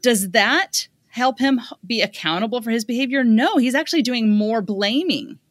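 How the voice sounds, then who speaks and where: A woman's voice: a little high, moderate pace, no echo. A middle-aged woman from the United States, a parenting expert guest in an interview, speaking in a conversational way and acting out parent and child lines as she tells stories. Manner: animated storytelling with acted parent and child quotes.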